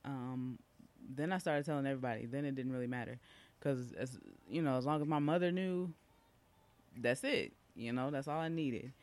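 A man's voice: medium pitch, moderate pace. A man, casually telling a personal story as a podcast speaker, chatty and full of asides. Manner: chatty, warm-hearted, with asides and fillers.

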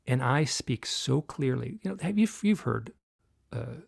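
Middle-aged male guest, strongly gravelly voice, earnest and halting, casual storytelling. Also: medium pitch, animated. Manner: earnest, halting, many restarts and fillers. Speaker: guest author and researcher.

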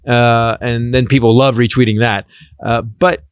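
A man's voice: medium pitch, moderate pace, clear, resonant tone, dry recording, studio quality. A man hosting a comedy podcast, chatting casually and with a lot of swearing, acting out what other people said. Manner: profane, animated, acts out quotes. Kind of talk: casual political podcast chat.

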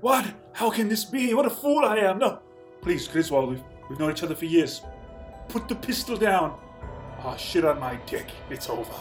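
A man's voice: sits high, very animated, normal speed, faint music behind, pitched below the performer's own voice. A man voicing a panicked man who pleads for his life in a comedic audio drama. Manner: frantic, pleading.

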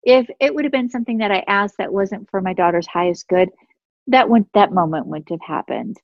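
A woman's voice: medium pitch, brisk, dry recording, lo-fi sound. Chatty middle-aged woman telling stories. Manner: chatty, meandering, many fillers and restarts. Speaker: guest sharing spiritual experiences. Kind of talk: casual storytelling chat.

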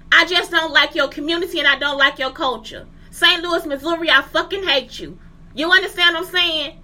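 Very high, sharp-voiced angry woman ranting. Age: 40s. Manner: profane, heated, keeps asking listeners if they understand. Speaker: teacher. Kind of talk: angry rant to camera.

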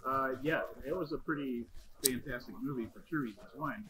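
A man's voice: medium pitch, fairly quick, a crowd in the background. A man hosting a podcast in casual chat, rambling and joking with a loose, swearing manner. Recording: noisy background.

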